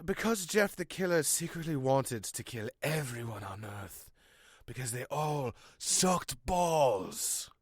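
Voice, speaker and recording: A man telling an absurd comic story in a deadpan, mock-dramatic way. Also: a little high, no room sound, studio quality. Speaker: channel host and storyteller.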